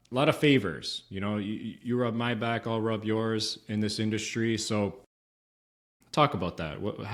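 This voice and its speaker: A man hosting a casual podcast, asking loose questions that trail off, with some swearing. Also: lowish voice.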